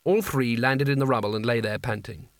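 A man's voice: mid-range voice, fairly quick, no room sound. A man narrating a comic fantasy audiobook in a dry, wry storytelling manner. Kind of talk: scripted narration.

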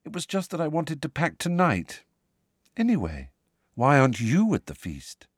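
A man's voice: fairly high pitch, moderate pace, husky, no echo, clean studio sound, voice pushed up, full character voice. A man voicing a dreamy, airy teenage witch girl. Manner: calm, airy, matter-of-fact.

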